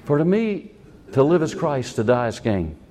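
Animated older man preaching a sermon. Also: mid-range voice, moderate pace, slight background noise. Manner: animated, exclaiming, acts out quotes. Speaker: pastor.

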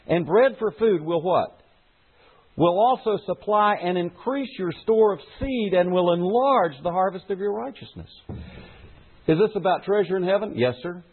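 Male pastor, middle-aged, lively and animated preaching, tinny phone-like sound. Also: fairly high pitch, husky. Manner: preaching with rhetorical questions to the congregation. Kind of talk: sermon. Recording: phone-like lo-fi recording.

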